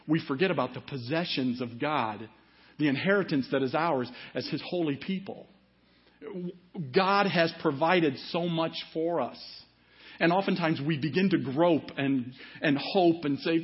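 Husky-voiced middle-aged preacher. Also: male voice, medium pitch, moderate pace. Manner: conversational, asks the congregation questions. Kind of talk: sermon. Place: church service. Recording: dull, muffled sermon audio.

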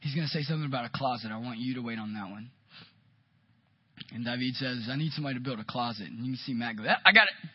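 A man preaching a sermon, telling a story with lively, animated delivery and acting out quotes. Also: medium pitch, quick pace, breathy edge, no echo, muffled recording. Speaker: pastor.

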